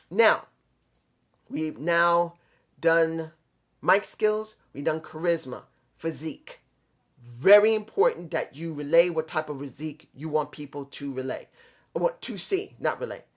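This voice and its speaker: Earnest rambling man, middle pitch. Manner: earnest, rambling, repeats himself. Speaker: vlog host. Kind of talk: casual monologue on pro wrestling.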